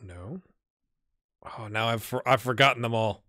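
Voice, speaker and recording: A man chats his way through a live game stream, musing aloud as he clicks through menus. His voice is bright and forward, and the sound is dry and close, with no room behind it. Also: mid-range voice, moderate pace, no room sound. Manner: chatty, talks to himself while playing. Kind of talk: casual live-stream commentary.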